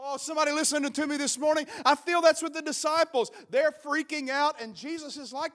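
A male pastor preaching a fervent sermon, calling on the congregation and shouting declarations. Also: very high-pitched, brisk, hardly any pauses.

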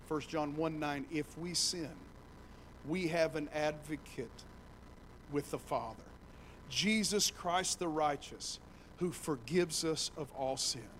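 A man preaching a sermon to his church, telling the story with animated voices and building to loud, shouting passages. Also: fairly high pitch, takes it slowly, slight background noise, poor audio. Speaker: pastor. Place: church sanctuary.

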